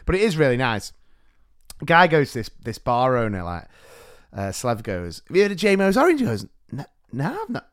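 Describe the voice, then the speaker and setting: Animated, laughing man. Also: medium pitch, normal speed. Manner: animated storyteller, acts out quotes, laughs a lot. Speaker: podcast co-host, teacher. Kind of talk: casual chat, storytelling.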